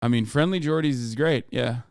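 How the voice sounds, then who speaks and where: A man's voice: mid-range voice, a little fast, a little mellow, smooth, no echo, clean studio sound. A man in his thirties ranting loosely and profanely as he reacts to the news on his livestream. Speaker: streamer. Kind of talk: casual livestream commentary.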